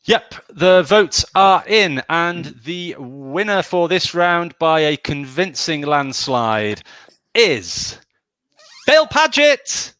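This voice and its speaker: A man hosts a live online pun show with chatty, laughing asides. His voice is bright and a touch high, recorded close and dry with no room sound. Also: big pitch swings, slow pace, smooth, no echo. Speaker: host of an online pun contest. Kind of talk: casual live-show hosting.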